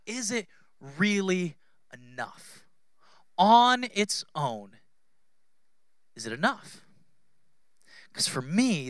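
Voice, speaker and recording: Bright high-voiced pastor, casual sermon. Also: male voice, no room sound. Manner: conversational, humorous, acts out quoted voices. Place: church.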